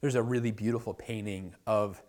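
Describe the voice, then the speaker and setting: A man preaching a sermon to his church in a casual, conversational style, dropping to a hush for quoted words. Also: fairly low pitch, steady tone, normal speed. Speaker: pastor.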